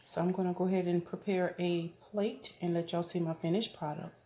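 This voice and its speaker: A homey, chatty woman talks viewers through her cooking, her voice a little low. She's recorded in an echoey home kitchen, with household noise clearly heard behind her. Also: fairly even intonation, fairly quick, mellow. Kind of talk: casual cooking demonstration.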